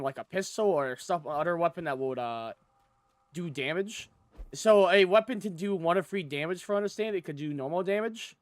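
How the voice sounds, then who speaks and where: A man with a notably high voice talks through a video game as he plays. His commentary is loose and rambling, peppered with swearing and asides. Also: dry recording, clean studio sound. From United States. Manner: loose, rambling and profane, with frequent laughs. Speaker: streamer. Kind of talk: casual gameplay commentary.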